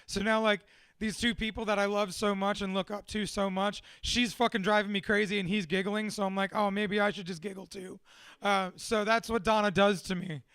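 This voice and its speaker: A man's voice: high voice, steady tone, a little fast, fairly bright tone, clear, resonant tone, no echo, clean studio sound. A man giving a candid, profane and self-deprecating personal talk to a small audience, laughing often as he speaks. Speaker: motivational speaker.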